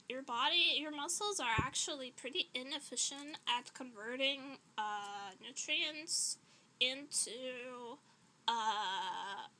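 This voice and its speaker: A woman's voice: a little high, sharp tone. A woman streamer in casual livestream chat, rambling and chatty with frequent laughs, slightly out of breath.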